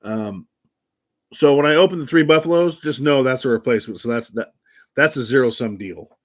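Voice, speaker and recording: A man's voice: mid-range voice, brisk. An older man hosting a livestream in casual chat, blunt and profane, given to ranting. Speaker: livestream host.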